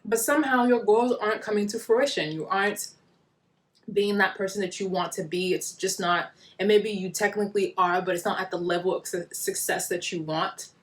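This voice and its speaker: Eating as she talks, the wellness vlogger speaks to her audience from a small home, her medium-pitched voice moving at normal speed. Her manner is friendly and explanatory, aimed straight at the viewers.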